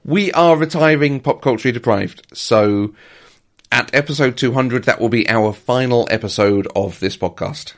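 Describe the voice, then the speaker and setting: A man's voice: medium pitch, normal speed. A man co-hosting a podcast in casual chat, enthusiastic, often repeating words and laughing. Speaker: podcast co-host.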